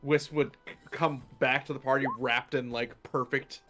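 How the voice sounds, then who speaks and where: A man at a tabletop session cracks playful jokes in a mid-range voice. Music plays clearly in the background. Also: mid-range voice, steady tone, moderate pace. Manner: joking, playful. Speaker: player. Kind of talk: casual chat before a tabletop game.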